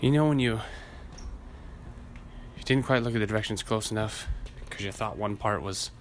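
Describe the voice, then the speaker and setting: With a lowish voice at a normal speed, this solo podcast host rants casually, swearing often, wandering off topic and laughing at himself. He's hot and sweaty as he tells his stories, and a little hiss or hum can be heard.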